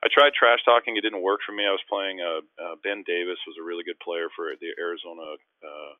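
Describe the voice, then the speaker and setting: Man, very deep voice, dry tinny phone-line sound, rambling self-deprecating anecdotes. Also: steady tone, brisk, no echo. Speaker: guest, former pro basketball player. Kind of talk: casual storytelling on a call.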